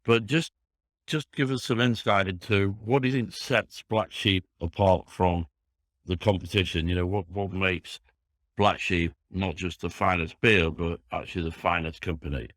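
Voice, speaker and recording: A man's voice: deep voice, steady tone, normal speed, fairly bright tone, no echo, clean studio sound. A man with a Yorkshire accent hosting a business podcast, asking chatty, enthusiastic, rambling questions. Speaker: podcast host.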